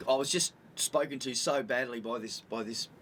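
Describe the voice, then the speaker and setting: A man's voice: mid-range voice, moderate pace, a bit bright, a little hiss or hum. An older man with an Australian accent, co-hosting a casual chat and telling a rambling, exasperated story. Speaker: podcast co-host.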